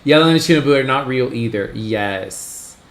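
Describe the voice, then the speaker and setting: A man hosting a casual live stream, excitably chatting and greeting his viewers one by one. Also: medium pitch, normal speed, gravelly. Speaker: livestream host. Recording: roomy echo.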